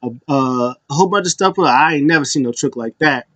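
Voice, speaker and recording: A man imitating a well-known jokey male wrestler, pushing his voice high and excited, with a playful, incredulous manner. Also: quick pace, no echo, natural voice.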